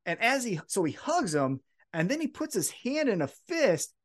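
A man co-hosting a wrestling podcast, recapping events in an excitable, profane, casual chat. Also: high voice, normal speed. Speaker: podcast co-host.

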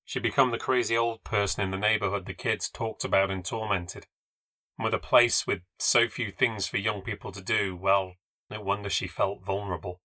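Man, story narration, lowish voice, bright forceful tone, dry close sound. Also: steady tone, no echo. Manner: wry, measured, reflective. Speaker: podcast narrator. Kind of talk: scripted first-person ghost story narration.

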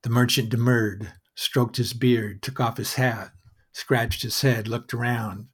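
Male storyteller, husky, measured wry narration, mid-range voice. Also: medium pitch, steady tone, a bit bright.

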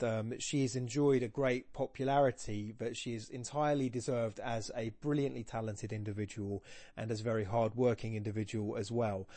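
A man's voice: mid-range voice, darkish tone, dry recording. A man hosting a poetry podcast, giving a rambling, self-deprecating spoken analysis full of jokes and restarts. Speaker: podcast host discussing poetry.

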